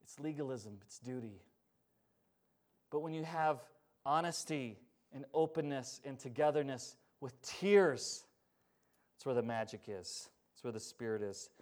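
Preaching as pastor, this man alternates between forceful, urgent passages and softer, sincere moments, prompting the congregation to answer back. His voice is mid-range and his pace a little slow.

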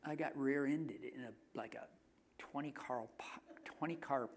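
A middle-aged man preaching a sermon in a conversational, joking way, often dropping his voice to hushed asides. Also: medium pitch, moderate pace. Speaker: pastor.

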